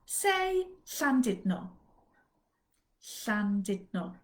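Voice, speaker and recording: A woman with a Welsh accent teaching Welsh, slowly modelling words for learners to repeat. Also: high-pitched, very animated. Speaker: Welsh tutor. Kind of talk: live online Q&A lesson.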